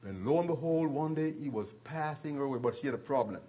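A man preaching a sermon, retelling scripture stories with chuckles and dramatic slowdowns. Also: mid-range voice, expressive, warm tone, slightly rough.

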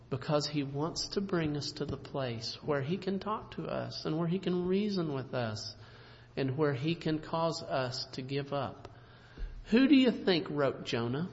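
A man preaching a sermon with an emphatic delivery that swings between loud and soft. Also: a little high. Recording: dull lo-fi recording in a reverberant hall.

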